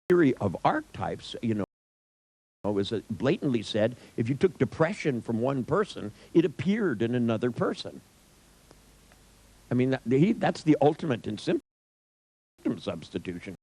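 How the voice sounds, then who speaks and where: A man's voice: mid-range voice, creaky, darkish tone, husky, no echo, low-quality recording. A middle-aged man telling an anecdote in a wry, irreverent way, swearing freely. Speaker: storyteller. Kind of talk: profane anecdotal storytelling.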